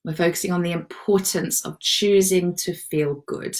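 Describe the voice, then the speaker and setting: A woman's voice: fairly low pitch, steady tone, normal speed. A woman hosting a live self-love session, chatting casually and encouragingly as she reads out viewers' comments. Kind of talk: casual live-stream chat.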